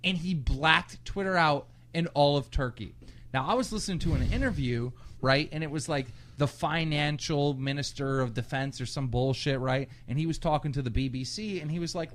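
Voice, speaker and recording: Man, tipsy, animated, swooping pitch, loud crude storytelling, casual podcast chat. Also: moderate pace. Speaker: podcast co-host.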